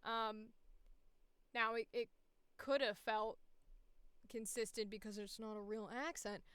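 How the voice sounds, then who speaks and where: Woman voice actor, candid and profane, hiccuping, smooth, dry close sound. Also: on the high side, little pitch movement, measured pace, fairly bright tone, no room sound. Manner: candid, profane, self-deprecating. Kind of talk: casual audition commentary.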